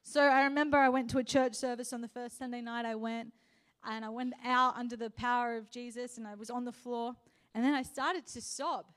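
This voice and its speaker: A young woman preaching a sermon, telling a personal story and building to passionate, loud exhortation. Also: a little high, fairly even intonation, brisk, hardly any pauses. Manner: impassioned, rising to loud exhortation.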